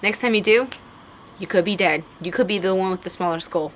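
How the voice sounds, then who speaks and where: A woman's voice: mid-range voice, brisk, slight background noise. A young woman ranting to camera in a heated, profane way, rambling with lots of fillers. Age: young adult. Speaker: vlogger.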